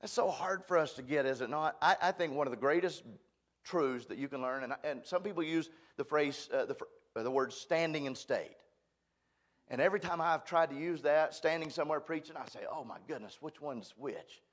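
A man preaching in a church, his voice sitting a little high. He speaks in a folksy, emphatic way and pokes fun at himself. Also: fairly quick. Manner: folksy, emphatic, self-deprecating. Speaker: guest preacher. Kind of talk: sermon.

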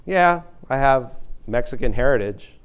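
A man's voice: medium pitch, lively intonation, measured pace, smooth, rough recording. A middle-aged man from Texas is presenting at a diversity workshop in a live room. He has an ordinary mid-range voice and a loose, conversational way of talking. He tells personal stories and stops often to put questions to the audience. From San Antonio, Texas. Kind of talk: interactive diversity workshop talk.

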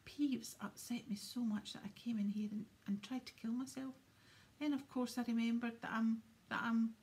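A woman's voice: a little high, a little fast, warm tone, close to an everyday voice. A woman voicing a dramatic, tearful ghost schoolgirl who wails in self-pity. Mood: wailing self-pity.

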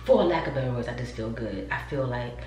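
A woman's voice: very deep voice, lively intonation, fast, warm tone, recorded from a distance. A woman talks casually to her viewers in a chatty vlog. She sits upstairs at home, a little away from the mic, with a roomy echo and a faint hiss behind her. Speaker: vlogger.

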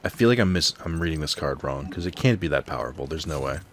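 A man's voice: very deep voice, expressive, quick pace. A man thinking aloud while he plays a card game at home, rambling and reading out card text in casual commentary. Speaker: let's play host. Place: home apartment.

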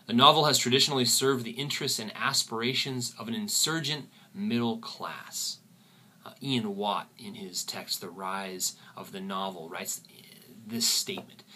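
A man teaching a literature lesson, often pausing and repeating words as he thinks. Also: lowish voice, sharp tone, a little hiss or hum. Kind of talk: recorded lecture.

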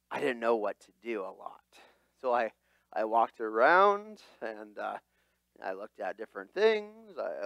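Animated, lively-voiced male pastor preaching. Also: medium pitch, no echo. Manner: animated, dramatic voicing of quotes. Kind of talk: sermon. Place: church.

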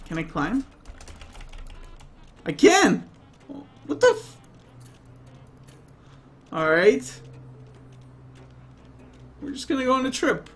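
Male let's player: unhurried, goofy, very animated pitch and quick to break into laughter. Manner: playful, excitable, bursts into laughter. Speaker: gaming YouTuber. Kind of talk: let's play gameplay commentary.

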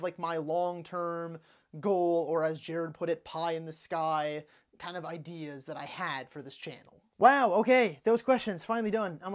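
A young adult in their twenties hosting a casual question-and-answer vlog as a movie channel host, chatting loosely with lots of "like" fillers and self-corrections. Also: mid-range voice. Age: 20s.

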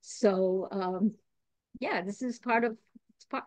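A woman's voice: mid-range voice, slow pace, darkish tone, dry recording. A woman from New York, a podcast guest, talking in a chatty, digressive way, laughing at herself and earnest about spiritual growth. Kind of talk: casual chat.

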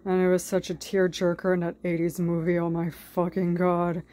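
A woman doing an improvised mock-dub over a cartoon, rambling with heavy swearing in a deadpan way. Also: fairly low pitch, moderate pace. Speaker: comedic fan dubber.

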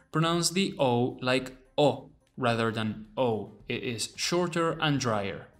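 A man narrating a language lesson, repeating phrases slowly and deliberately. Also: mid-range voice, a bit bright. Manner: slow, deliberate repetition of phrases. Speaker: language teacher.

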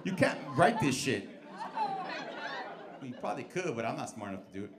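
Loud, profane stand-up comic on stage. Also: male voice, fairly high pitch, normal speed. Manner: loud, profane, animated storytelling with put-on voices. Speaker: stand-up comedian. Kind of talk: stand-up set with crowd work. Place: comedy club stage with live audience. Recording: live club recording with crowd noise.

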